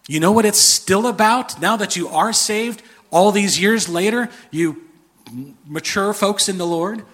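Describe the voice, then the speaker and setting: A man preaching a sermon in an animated, conversational way, with a husky voice. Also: sits high, unhurried. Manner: animated, conversational, with frequent restarts and laughter. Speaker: pastor.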